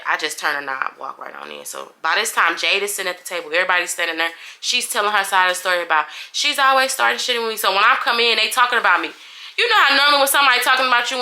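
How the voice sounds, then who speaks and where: A young adult woman vlogger telling a heated story in a casual, animated, profane way. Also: medium pitch, racing. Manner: animated, profane, acts out everyone's lines.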